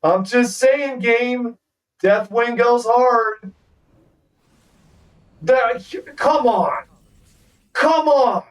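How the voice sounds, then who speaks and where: A man streaming a card game live trash-talks his opponent with profane rants in a very high, animated voice. He speaks extremely slowly with long pauses, and the mic is distant.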